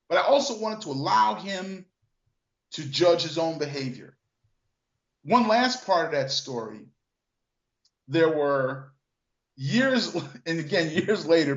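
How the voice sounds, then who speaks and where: Older man, echoey lo-fi sound. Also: high-pitched. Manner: reflective, restarts and repeats words, many "you know" fillers. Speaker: guest, former car dealer. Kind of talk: casual storytelling conversation.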